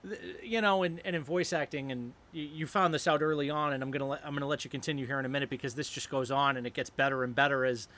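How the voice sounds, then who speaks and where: A man's voice: mid-range voice, steady tone, fast talker, hardly any pauses, bright, forceful tone. A man hosting a podcast, talking as an enthusiastic fan in a rambling, effusive way. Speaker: podcast host. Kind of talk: casual podcast chat.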